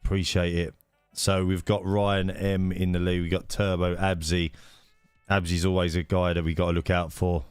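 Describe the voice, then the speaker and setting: Low-voiced man streaming a racing game. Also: flat delivery, normal speed, clear, resonant tone, no echo, clean studio sound, faint music behind. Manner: chatty, greets viewers by name, many fillers. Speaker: streamer hosting a racing league. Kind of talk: casual live-stream chat.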